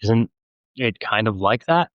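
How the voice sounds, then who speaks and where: A man's voice: fairly low pitch, animated, unhurried, fairly bright tone, dry recording, highs cut off. A man reading an audiobook, voicing an anxious, defiant young woman with a tense, pleading delivery. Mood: insistent.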